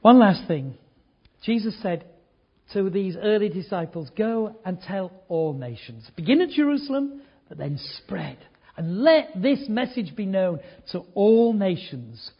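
Husky preacher, earnest and emphatic. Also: male voice, sits high, big pitch swings, measured pace, lo-fi sound. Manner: earnest, swings from hushed to emphatic. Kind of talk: sermon with storytelling.

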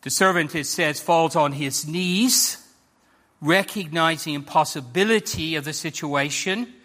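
Male pastor, high bright voice, earnest emphatic sermon delivery. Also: a little slow. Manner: earnest, emphatic, repeats key phrases, speaks to the congregation.

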